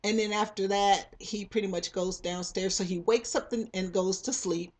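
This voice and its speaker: A woman talks through a novel's plot in a loose, conversational way, full of pauses and restarts. She slips into quick voices for the characters' lines before dropping back to her everyday tone. Her voice sits at a middling pitch for a woman. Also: fairly even intonation. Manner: rambling, many fillers and restarts, acts out quoted lines. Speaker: book club reader retelling a novel. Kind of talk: casual spoken story retelling.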